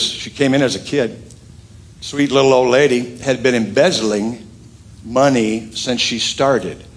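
A middle-aged man preaching a sermon as pastor, telling stories with big swings in his voice and joking with the congregation. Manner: lively storytelling with big pitch swings and asides; calls on the congregation to repeat lines. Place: church sanctuary with congregation.

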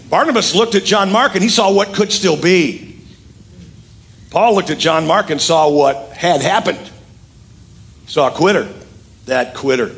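Standing before his congregation in the sanctuary, a middle-aged man delivers a sermon as their pastor. His storytelling is animated, full of wide swings in pitch and side remarks, and he jokes with the people and has them repeat lines back to him.

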